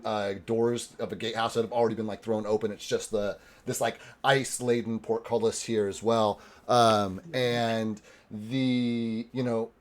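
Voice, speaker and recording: Man, game master, rambling narration, lots of fillers, casual swearing, mid-pitched voice.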